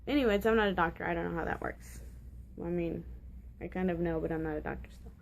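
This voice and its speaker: A woman's voice: lowish voice, quick pace, creaky, slight background noise. A woman in her twenties telling a personal story in a casual vlog, rambling and candid, full of fillers and restarts and prone to giggling. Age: 20s. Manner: candid and giggly about awkward details. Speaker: vlogger.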